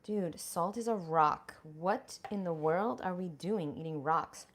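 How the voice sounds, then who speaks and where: Speaking slowly in a lowish voice, a woman preparing food in her home kitchen chats with livestream viewers. She is a raw vegan lifestyle vlogger, blunt, profane and talking to her audience directly.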